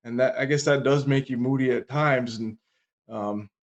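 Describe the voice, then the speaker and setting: A man co-hosts a podcast in relaxed conversation. He speaks steadily and reflectively, with a mid-range voice. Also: medium pitch, moderate pace. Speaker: podcast co-host. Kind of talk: casual conversation.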